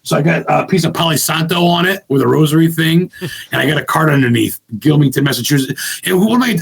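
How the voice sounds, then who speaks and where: A man from Maine, a guest ghost hunter, talking bluntly and excitedly with lots of swearing in casual podcast chat. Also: on the high side, gravelly, slightly rough. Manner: blunt, profane, rambling and excitable.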